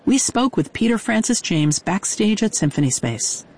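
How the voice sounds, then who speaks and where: A woman host delivering measured, scripted radio narration. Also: mid-range voice, sing-song, darkish tone, slightly rough.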